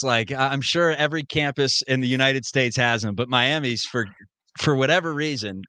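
A man's voice: medium pitch, sharp tone, no echo. A young man hosting a podcast, ribbing his guest and telling rambling stories in casual chat. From Ohio. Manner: joking storyteller, ribbing banter. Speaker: podcast host.

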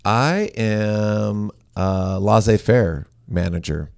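Deep gravelly man, dry sound. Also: very slow, a little mellow, no room sound. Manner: teasing, explains things plainly. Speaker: co-host and coach. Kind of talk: casual podcast chat.

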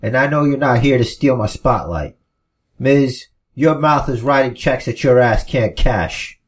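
A man's voice: mid-range voice, animated, a little slow, breathy edge. A man voicing a proud male wrestling champion, firm and fed up.

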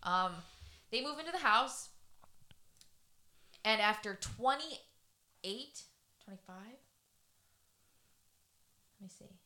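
Bright young woman co-hosting a true crime podcast, chatty, lots of likes and ums. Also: fairly high pitch, animated, takes it slowly, long pauses. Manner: chatty, lots of fillers and laughs. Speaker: podcast co-host. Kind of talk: casual true-crime chat.

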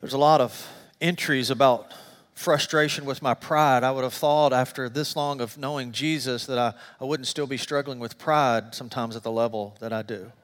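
A middle-aged man, a pastor, preaching a sermon and telling stories with animated, self-deprecating humor. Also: mid-range voice, normal speed, long reverb tail. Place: church sanctuary.

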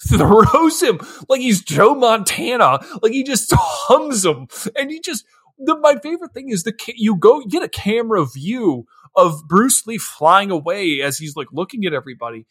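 A husky-voiced man co-hosting a podcast, chatting about a film in a casual, excitable way. His pitch swoops all over as he laughs and acts out scenes. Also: moderate pace. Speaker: podcast co-host. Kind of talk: casual movie-review chat.

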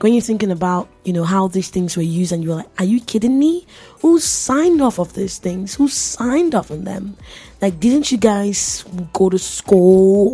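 A woman's voice: mid-range voice, dark tone, husky. Playful chatty woman radio host. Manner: playful, chatty, laughs often, talks to listeners directly. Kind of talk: casual radio chat.

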